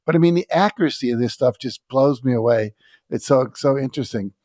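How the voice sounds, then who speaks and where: A man's voice: mid-range voice, fairly quick, dark tone, dry recording. Male podcast host, eager interviewer, mid-range voice, dead-dry recording. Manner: enthusiastic, retells stories. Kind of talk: conversational interview.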